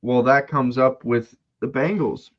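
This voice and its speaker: Young dude on a podcast, slow easygoing talk, kinda dull lo-fi sound. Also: male voice, medium pitch. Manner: laid-back, rambling asides. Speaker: podcast co-host. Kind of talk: casual chat.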